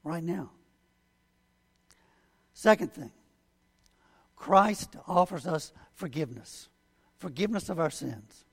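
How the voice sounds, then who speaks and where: A man's voice: on the high side, animated, measured pace, creaky, pauses often, slightly rough. A man preaching a sermon as a pastor, earnest and building to emphatic points. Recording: long hall reverb.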